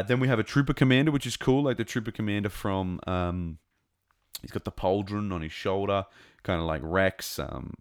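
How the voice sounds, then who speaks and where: A low-voiced man with an accent close to New Zealand hosts a casual fan commentary podcast. He talks in a rambling, enthusiastic way, full of fillers and restarts. The sound is dry and close. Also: dry recording. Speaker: podcast host.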